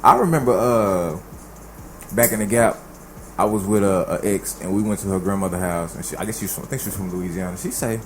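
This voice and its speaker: A man from Dallas, hosting a casual podcast chat, telling stories in an animated, slangy way. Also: low voice, fairly quick, soft background music. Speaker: host.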